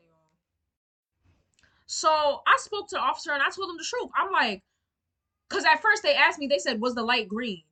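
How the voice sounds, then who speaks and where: A woman's voice: high-pitched, bright, forceful tone. A young woman telling a storytime to camera, emotional and indignant, swearing freely and using lots of fillers. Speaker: storyteller vlogger.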